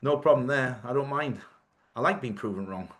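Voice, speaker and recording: Man, live-stream host, casual chat, joking, swearing, mid pitch. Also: moderate pace, background noise. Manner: chatty, joking, swears freely, laughs often.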